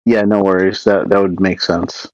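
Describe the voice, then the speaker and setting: A low-voiced man chats as a player in a tabletop game, easygoing and unhurried in manner. His audio is a little dull, as if through a modest microphone, and fully dry. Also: flat delivery, no echo. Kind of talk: casual tabletop game play.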